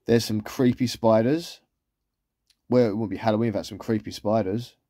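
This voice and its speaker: Male vlogger, easygoing and rambling, mellow voice, dry close sound. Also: lowish voice, fairly even intonation, normal speed, dry recording. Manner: chatty, rambling, with trailing asides. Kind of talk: casual shopping haul commentary.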